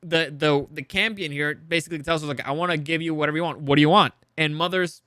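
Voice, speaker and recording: A man with a high, bright voice rambles through an episode recap, acting out the characters with laughs and swearing. The sound is dry and close, with no room around it. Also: steady tone, fast, no echo. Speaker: show reviewer.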